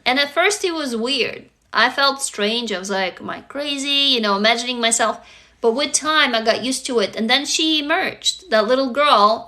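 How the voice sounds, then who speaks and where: A woman who grew up in Russia talks earnestly to her viewers on a live phone stream. Her voice sits a little high and sounds bright and clear. She coaches them step by step and keeps checking that they follow. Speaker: livestream host and author. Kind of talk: casual live-stream talk.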